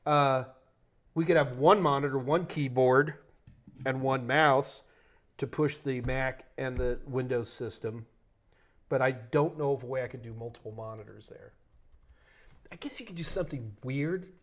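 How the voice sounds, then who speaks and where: A man's voice: mid-range voice, measured pace. A man with a New York accent hosting a live tech Q&A stream, talking loosely, joking and thinking aloud with restarts. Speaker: host answering tech questions.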